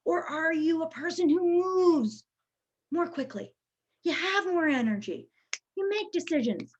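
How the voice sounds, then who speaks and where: A woman leading an online training session, chatty and lively, checking in with her audience with a frequent "okay?". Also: very high voice, measured pace, dull audio, slight background noise. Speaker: workshop presenter.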